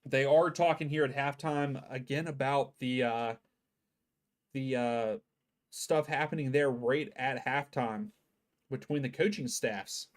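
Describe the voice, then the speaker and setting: Man, watchalong streamer, casual chatty commentary, sleepy and yawning, middle pitch, home stream. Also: unhurried. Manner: chatty, loose, runs through scores with fillers and restarts.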